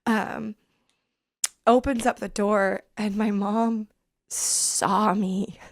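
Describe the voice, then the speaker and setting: A woman's voice: medium pitch, steady tone, drawn-out words, no echo, studio quality. A woman in her thirties, a podcast guest, telling an emotional personal story over a video call, rambling with many fillers and restarts.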